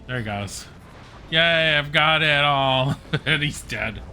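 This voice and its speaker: A man streaming a game, thinking aloud in an unhurried, bright, forceful voice. He mutters to himself and swears and groans when things go wrong. The delivery is casual running commentary. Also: fairly high pitch, slight background noise.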